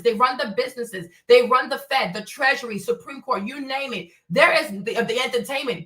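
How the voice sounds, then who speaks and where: A woman from Africa hosts a livestream, delivering a blunt, profane, opinionated rant packed with rhetorical questions. Her voice sits high and sounds sharp. The room is echoey, and the mic is placed at a distance.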